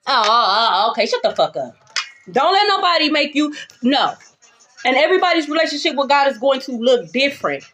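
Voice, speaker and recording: A woman reads tarot for her viewers in a fairly high voice. She talks bluntly and swears freely, moving between calm reassurance and heated calling-out. Soft music plays under her the whole time. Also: brisk. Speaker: tarot reader. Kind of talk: spiritual tarot reading to viewers. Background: background music.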